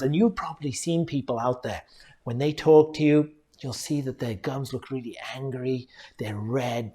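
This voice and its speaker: A middle-aged male dentist giving an earnest educational talk, speaking directly to viewers and calling them folks. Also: medium pitch.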